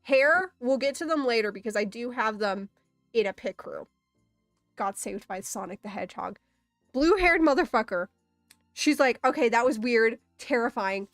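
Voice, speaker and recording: A woman's voice: fairly high pitch, expressive, normal speed, fairly bright tone, no echo, soft background music. A young woman chatting casually while drawing, telling a story with lots of swearing and frequent laughter. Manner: profane, laughing often, storytelling. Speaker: artist streamer.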